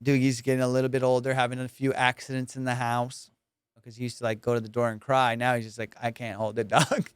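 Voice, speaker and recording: Smooth-voiced, swearing male podcast host. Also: mid-range voice, completely flat delivery, fast talker, no echo. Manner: rambling, profane, laughing often. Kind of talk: casual comedy podcast chat.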